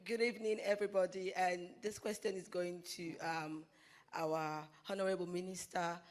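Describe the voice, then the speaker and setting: A woman's voice: fairly low pitch, flat delivery, moderate pace. A woman from Sierra Leone asking a question from the audience, polite and a little hesitant.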